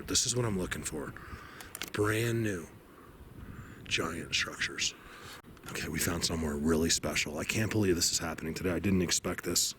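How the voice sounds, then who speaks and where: Excitable man vlogging in the woods. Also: low-pitched, normal speed, a little hiss or hum. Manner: emotional, awed, rambling, drops to hushed tones. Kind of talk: excited outdoor vlog narration. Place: outdoors in snowy forest.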